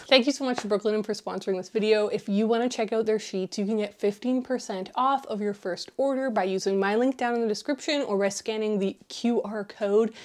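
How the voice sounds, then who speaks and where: A woman's voice: a little high, a little mellow. A young woman from Canada narrating a home renovation vlog in a chatty, upbeat way with small laughs. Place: old house, indoors.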